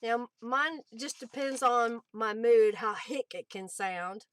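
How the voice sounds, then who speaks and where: A woman's voice: on the high side, slow pace, a bit bright, no echo. A woman hosting a crafting livestream, chatting easily and answering viewers by name between laughs. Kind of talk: casual livestream chat while crafting.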